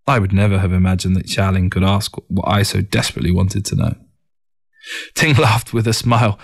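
A man reading a first-person story as an audiobook, in a measured, reflective narration. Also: fairly low pitch, gravelly.

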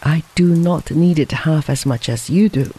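A reader doing a hearty gentleman on the run. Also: a little high, normal speed, breathy edge. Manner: hearty, firm and reassuring.

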